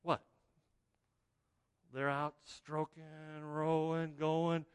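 Animated male pastor in a reverberant hall. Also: a little high, extremely slow, clear, resonant tone. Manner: animated storytelling, acts out the scenes. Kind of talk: sermon. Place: church sanctuary. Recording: long reverb of a large hall.

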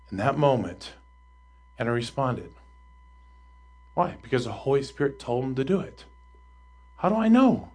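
A man, a pastor, preaching a sermon and telling a personal story, swinging between loud excitement and hushed asides. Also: a little high, slightly rough.

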